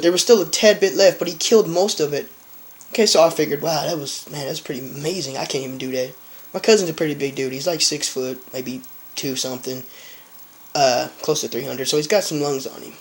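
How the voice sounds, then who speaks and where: A man's voice: fairly high pitch, a little mellow. Young male vlogger, casual profane storyteller, meandering delivery. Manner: rambling, profane, laughs while telling.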